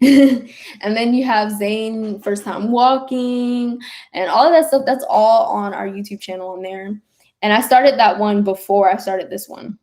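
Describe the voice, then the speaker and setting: A young woman hosting a spiritual livestream, gushing and excitable as she talks straight to viewers and chats about their comments. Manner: quick bursts of high excited exclamations. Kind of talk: casual livestream chat reading comments.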